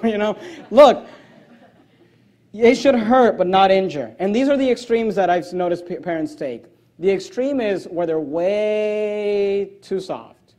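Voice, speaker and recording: A male pastor with a high-pitched voice delivers a forceful sermon. He reads scripture aloud with emphasis, and his voice leaps even higher when he cracks a joke. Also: measured pace. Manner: joking asides, voice jumping high on punch lines.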